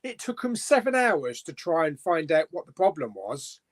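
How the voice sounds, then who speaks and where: Guy hosting a live stream, high voice, rambly and chatty, lots of ums. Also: sing-song, normal speed. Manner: chatty, rambling with fillers and restarts. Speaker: host. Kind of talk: casual live-stream chat.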